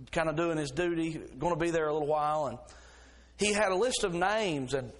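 A middle-aged man preaching a sermon as pastor, folksy in his stories and rising to fervent preaching. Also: a little high.

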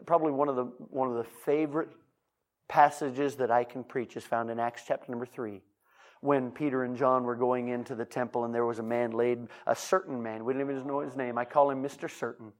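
A man's voice: medium pitch, steady tone, a little fast. A man preaching a sermon as pastor, emphatic and repeating his key phrases.

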